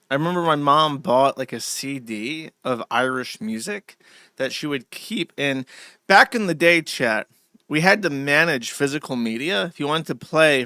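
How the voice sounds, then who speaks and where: A man's voice: mid-range voice, pushed and bright, smooth, no room sound, clean studio sound. A man hosting a livestream, rambling through a casual monologue with digressions and asides to his chat. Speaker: livestream host.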